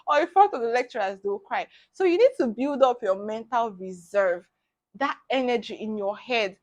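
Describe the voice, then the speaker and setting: Bubbly Nigerian woman, lively high voice. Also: normal speed. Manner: bubbly, animated, laughs often. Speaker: medical student vlogger. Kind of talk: casual advice vlog.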